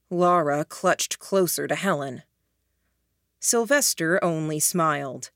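A woman narrates an audiobook in a hushed, even way. Her voice sits low. The recording is dry and close. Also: slow pace, no echo. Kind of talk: scripted narration.

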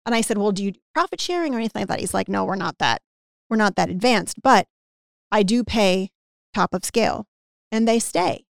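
A woman with a gravelly, creaky edge to her voice tells a story on a podcast in a relaxed conversational way. She acts out the other person's lines as she goes and fills her sentences with "like". The sound is close and dry, with almost no room echo. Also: mid-range voice, a little fast. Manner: animated anecdote-telling with acted-out quotes and frequent "like". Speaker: podcast guest who teaches business owners about hiring and team culture.

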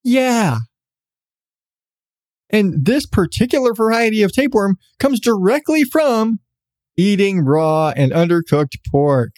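A man's voice: high voice, big pitch swings, slow pace, long pauses, a little mellow, no room sound, clean studio sound. Sarcastic, profane podcast host man. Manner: profane, sarcastic ranting with laughs. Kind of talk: solo podcast commentary.

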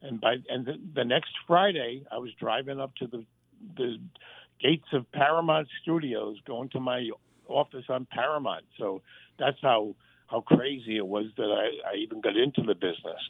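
A man, a former sitcom writer and warm-up comic, telling lively anecdotes in a casual interview and acting out the voices he quotes. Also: mid-range voice, normal speed, creaky, slightly rough, no room sound. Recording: dry phone line.

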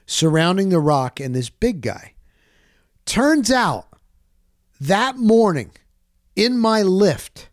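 A man hosting a show, telling a story in a casual, animated monologue and often jumping into high voices when he quotes people. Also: no echo, clean studio sound. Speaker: host.

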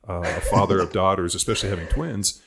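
A man in his forties with a very low, deep voice hosts a casual podcast chat. He rambles through stories, leaning on "like" and dropping the odd swear word. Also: brisk, gravelly, background noise. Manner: rambling storyteller, heavy use of "like", swears casually. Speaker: podcast host.

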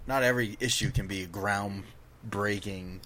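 A man's voice: lowish voice, fairly even intonation, a little slow, a bit bright. A man co-hosting a casual comic book podcast, chattily recapping the latest news for listeners. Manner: chatty, recapping news, talks over others. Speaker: podcast co-host.

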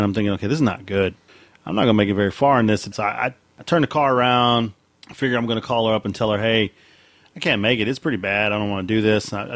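A man telling a casual story in a halting way, full of fillers. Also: medium pitch, no echo.

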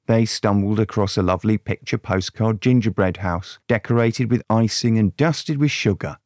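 A man's voice: on the low side, moderate pace, hardly any pauses, darkish tone, dry recording, clean studio sound. A man narrating a crude mock fairy tale in a sardonic way. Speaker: storyteller.

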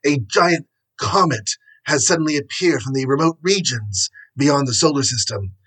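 A man reading aloud voices an earnest male astronomer who delivers grave news in a measured, solemn way, with a husky voice. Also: medium pitch, fairly bright tone, voice pushed up, low-quality recording.

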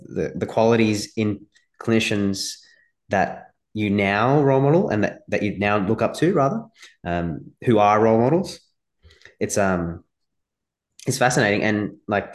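A man hosting a podcast, asking long, rambling questions as he feels his way through them. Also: on the low side. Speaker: podcast host. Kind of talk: conversational podcast interviewing.

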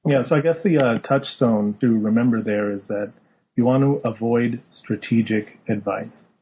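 A man co-hosting a casual podcast, chatty and quick to chime in with agreement. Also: mid-range voice, mellow, husky. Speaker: podcast co-host. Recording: dull lo-fi mic with faint noise.

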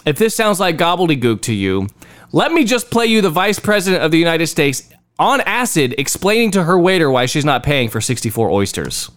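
A male host delivers political commentary with heavy sarcasm, mocking phrases by repeating them over and over. His voice sits a little high and swings widely in pitch, rising sharply when he gets animated. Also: fairly quick.

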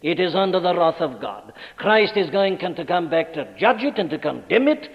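Emphatic high-pitched preacher in a hall. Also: male voice, sing-song, moderate pace. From Wales. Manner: emphatic, rising to forceful declarations. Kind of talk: sermon. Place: church. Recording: dull archival recording in a large reverberant church.

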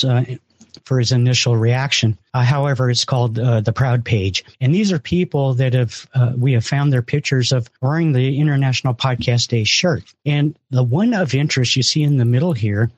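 Energetic male host exhorting listeners. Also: mid-range voice, dry recording. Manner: emphatic, repeats words, exhorts listeners. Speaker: event organizer and host. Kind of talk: enthusiastic live show talk.

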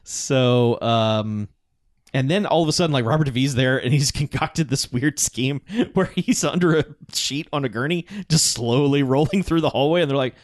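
A man casually recapping a movie plot as a podcast co-host, telling it in animated bursts and laughing often. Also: mid-range voice, moderate pace, dry recording, clean studio sound.

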